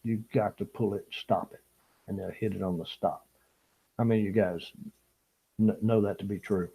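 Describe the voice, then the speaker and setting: A man's voice: lowish voice, steady tone, normal speed, vocal fry, warm tone, husky, rough recording. An older man from Louisiana, chatting casually with viewers on a fishing live stream and laughing often. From Louisiana, USA. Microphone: small camera-top microphone.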